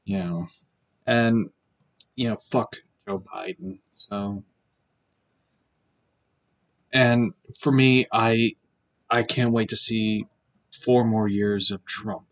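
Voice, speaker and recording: A man's voice: lowish voice, fairly even intonation, takes it slowly, long pauses, lo-fi sound. A man vlogging in a casual political rant, blunt and profane, circling back with fillers and repeated points.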